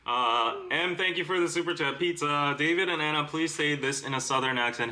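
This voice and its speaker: A man's voice: a little high, brisk, few pauses, bright, forceful tone, reverberant. A man hosting a podcast, teasing his guest in a playful, casual chat. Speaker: podcast host. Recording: noticeably noisy podcast audio.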